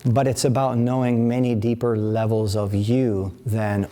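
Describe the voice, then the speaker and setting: A man's voice: medium pitch, level tone, unhurried, dark tone, a little hiss or hum. Rambling fifty-something man teaching a workshop. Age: 50s. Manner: rambling, conversational, frequent restarts and asides. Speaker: qigong teacher leading a workshop. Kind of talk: live workshop talk. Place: events center before a live audience.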